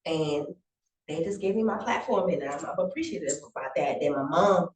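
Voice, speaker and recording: A chef and business owner from the South Carolina Lowcountry shares her story as an interview guest, lively and heartfelt, acting out the voices of people she quotes. Her voice sits low at a moderate pace, animated, emotional and grateful. The recording is echoey, with her voice heard from a distance.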